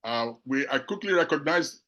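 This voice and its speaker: A middle-aged man from Nigeria with a Nigerian accent, giving a measured, reflective talk to an audience as a panel speaker, pausing often on fillers. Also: on the high side, expressive, a bit bright, highs cut off. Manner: measured, with frequent filler pauses.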